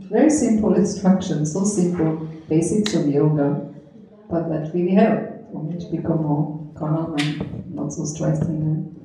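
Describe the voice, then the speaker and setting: Gently laughing woman in a very echoey room. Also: low voice, slight background noise. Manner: gentle storytelling with frequent soft laughter. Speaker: swami, yoga teacher. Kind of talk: anniversary talk recalling memories of her teacher.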